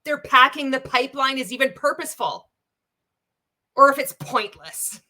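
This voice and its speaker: A woman's voice: high voice, normal speed, bright, forceful tone. A woman giving casual reaction commentary as a vlogger, blunt and sarcastic, swearing often and laughing between remarks.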